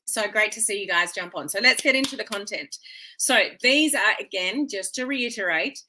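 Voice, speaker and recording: A woman hosts a live social media stream, her voice bright and clear, talking casually to her viewers. She is chatty and welcoming, greets people by name and checks in with a friendly "okay?". She sounds middle-aged and speaks as if into a webcam. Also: medium pitch, lively intonation, normal speed, a little hiss or hum.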